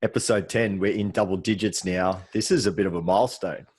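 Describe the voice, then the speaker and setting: Low-voiced Australian man, easygoing podcast host. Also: steady tone, fairly quick, darkish tone, breathy edge, no echo. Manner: easygoing, rambling with many ums. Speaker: podcast co-host, soft tissue therapist. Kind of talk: casual podcast chat. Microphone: remote call, separate mics.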